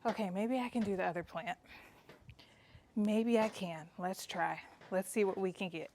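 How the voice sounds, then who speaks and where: A woman vlogging while harvesting in an outdoor garden, chatty and excitable, out of breath and tired, calling her viewers y'all. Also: medium pitch, normal speed, slight background noise. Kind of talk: casual chat while harvesting.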